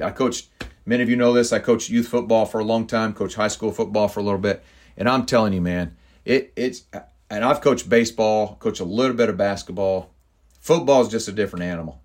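A middle-aged man hosting a leadership podcast, talking casually and telling family stories, with lots of "man" and "you know". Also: on the low side. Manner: folksy, storytelling, fills with "man" and "you know". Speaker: podcast host.

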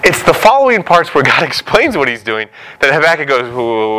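A man preaching a sermon, telling biblical stories with animated storytelling and acting out the dialogue. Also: mid-range voice, moderate pace, slight background noise, poor audio.

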